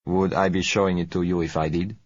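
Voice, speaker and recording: A man reading as a suave, soft-spoken foreign oil dealer. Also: low voice, flat delivery, no room sound. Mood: smooth, polite. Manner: polite, gentle, unhurried. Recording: dry, slightly dull recording.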